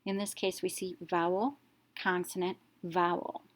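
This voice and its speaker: Woman, teacher, lowish voice, phonics lesson, slow and deliberate, sounds out each letter. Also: flat delivery.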